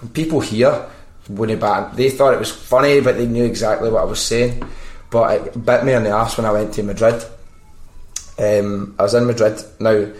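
A Scottish podcast host with a fairly low voice chats casually at a normal speed, telling stories in an animated way with plenty of swearing. The recording has a roomy echo.

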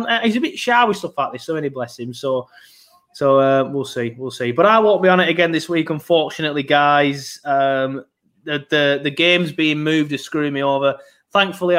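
A man hosting a football podcast in loose, rambling chat. His voice sits a little high for a man, and his talk is full of fillers and restarts. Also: fairly bright tone. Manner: chatty, rambling, lots of fillers. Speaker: podcast host.

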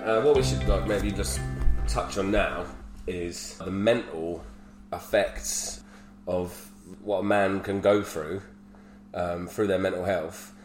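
A man's voice: low-pitched, steady tone, takes it slowly, over music. A man in his thirties, telling candid stories in casual podcast chat and swearing freely. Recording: roomy echo with faint hum.

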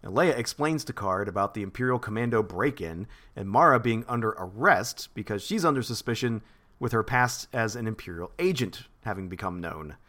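Lively man recapping a book. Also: fairly low pitch, fairly quick. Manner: lively, laughing, rambling recap. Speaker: podcast co-host. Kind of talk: casual chat and chapter recap.

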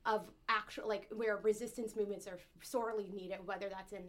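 A woman's voice: mid-range voice, fairly even intonation, fairly quick. A woman with a slight lisp holds forth in casual podcast talk, blunt and opinionated. She swears often and sounds fired up about her point. Her voice sits in an ordinary middle register. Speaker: co-host candidate. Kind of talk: casual podcast chat, telling a story.

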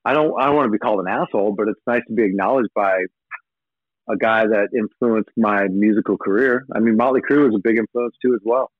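A rock musician on the low side of the pitch range talks fast as an interview guest, spinning profane, meandering anecdotes full of acted-out dialogue. The recording is dry and sounds like a tinny phone connection.

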